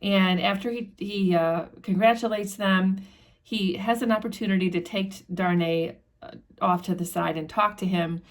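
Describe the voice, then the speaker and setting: A woman hosting a book channel, retelling a classic novel in a relaxed, conversational way with fillers and restarts. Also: medium pitch, moderate pace. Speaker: book discussion host. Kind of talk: casual book summary with read quotes.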